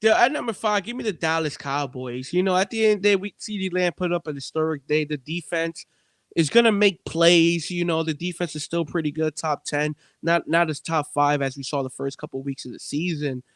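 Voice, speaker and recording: A man co-hosting a sports betting podcast, talking in an animated way and turning to his co-host again and again. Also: a little high, brisk, no room sound, studio quality.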